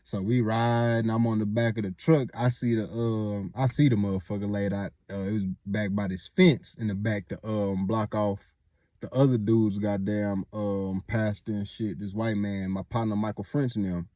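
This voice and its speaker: A man's voice: fairly low pitch, level tone, normal speed, warm tone, no room sound, clean studio sound. A young man casually telling a story, rambling and full of filler words and swearing.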